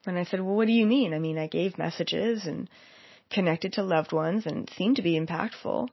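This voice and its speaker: Animated woman telling a story, lo-fi. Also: lowish voice, moderate pace, breathy edge, no echo. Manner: animated, acts out the quoted lines. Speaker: psychic medium. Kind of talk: casual storytelling. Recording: dull, dry lo-fi recording.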